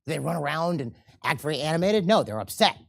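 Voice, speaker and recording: Animated man giving a seminar lecture. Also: fairly high pitch, quick pace, creaky. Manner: animated, checks in with the audience; acts out quoted people in changing voices. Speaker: seminar instructor.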